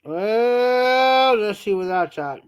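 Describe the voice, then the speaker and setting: A man with a southern Ohio accent chatting casually on a livestream, slow and rambling in a folksy way. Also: high voice, animated, smooth. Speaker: livestream host.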